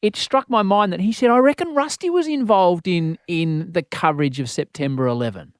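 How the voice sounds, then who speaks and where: An Australian man hosting a casual podcast interview, chatty and quick to laugh. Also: high voice, animated, clear, resonant tone, no room sound, studio quality. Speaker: podcast host.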